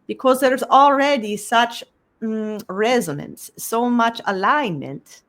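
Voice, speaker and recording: In a slightly high, somewhat bright voice, a woman channels a spiritual talk as a collective. She pauses, repeats words while groping for the right ones, and caps almost every phrase with an identical tag question.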